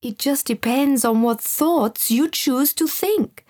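A woman reading the lines of a kind, wise male guide, speaking in a soft, gentle voice. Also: high voice, slow pace, husky, dry recording, studio quality, pitched above the performer's own voice, full character voice.

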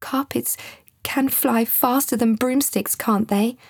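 A woman's voice: slow, husky, dry recording, studio quality, exaggerated voice. A woman doing an anxious little boy. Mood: hopeful. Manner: breathless, high and urgent. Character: frightened small boy, anxious and excitable.

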